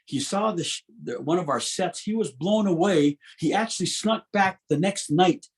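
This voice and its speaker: A man's voice: high-pitched, normal speed. A man in his fifties, a guest musician, telling stories in an interview with frequent restarts and laughs. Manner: animated, restarts often, laughs between stories. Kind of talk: interview storytelling.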